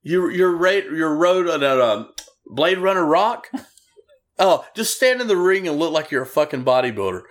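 Man doing gruff old promoter, scoffing, cursing, raised pitch. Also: sing-song, normal speed. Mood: contemptuous. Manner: blunt, cursing, contemptuous. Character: gruff, dismissive older male wrestling promoter.

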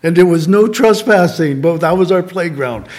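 A man from Southern California with a slightly high-pitched voice delivers a sermon in a relaxed, conversational way. He keeps returning to a short refrain and asks his listeners rhetorical questions. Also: normal speed. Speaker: pastor.

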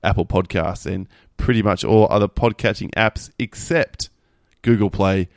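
Australian man, podcast guest, wry, a bit sick, very low voice, dry close sound. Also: fairly even intonation, normal speed, no echo. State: unwell with a cold. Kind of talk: casual podcast chat.

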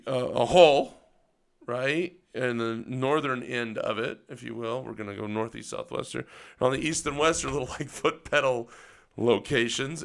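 Bright-voiced man telling profane stories. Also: medium pitch, vocal fry. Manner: profane, laughing storyteller. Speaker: co-host. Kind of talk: casual storytelling chat.

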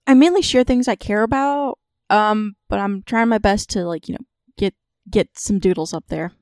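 A woman playing a tabletop game, chatting in a lively, sarcastic way. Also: medium pitch, moderate pace, dry recording, studio quality. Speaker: player. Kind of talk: casual tabletop game chat.

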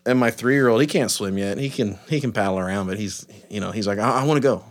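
Casual dad telling stories. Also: male voice, fairly low pitch, steady tone, brisk. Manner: rambling storyteller, acts out quotes with frequent "man" and "dude". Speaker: business owner and father. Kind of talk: casual podcast chat.

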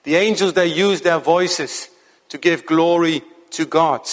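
A man preaching a sermon to his congregation in an earnest, measured way, slowing down to stress key points. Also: a little high, long reverb tail. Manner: earnest, measured preaching with slow emphatic stretches.

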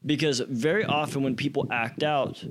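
A man's voice: mid-range voice, fairly even intonation, moderate pace, noisy background. Man, casual talk, storytelling, acts out quotes, casual swearing. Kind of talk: casual conversation.

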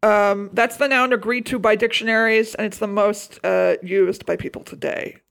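A woman's voice: mid-range voice, moderate pace, gravelly, smooth. A woman co-hosting a casual movie-review chat, talking bluntly with plenty of swearing. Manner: blunt, profane, animated. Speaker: podcast co-host.

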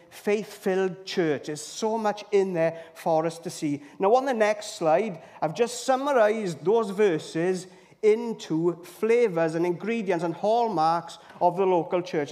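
Male preacher, higher voice, chatty sermon with lots of questions to the room, long church-hall reverb. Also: a little mellow. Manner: chatty, keeps asking the congregation questions. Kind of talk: conversational sermon. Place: church, also streamed to viewers at home.

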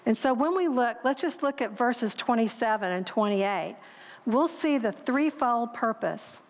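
A woman's voice: a little high, animated, unhurried. Woman preaching in a reverberant hall. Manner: conversational preaching with questions to the congregation. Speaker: speaker. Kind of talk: sermon.

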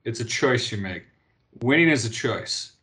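A man's voice: medium pitch, animated, moderate pace, bright, forceful tone. A man in his fifties, a guest in a casual interview, telling stories animatedly with frequent restarts and repeated words. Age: 50s. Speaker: interview guest, former pro athlete.

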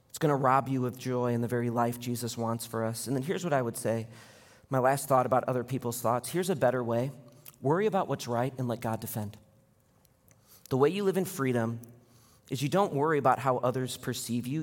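Pastor guy preaching, high voice, big echoey church hall, tells stories and does the voices. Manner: animated storytelling, acts out quoted voices. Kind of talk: sermon. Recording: long hall reverb.

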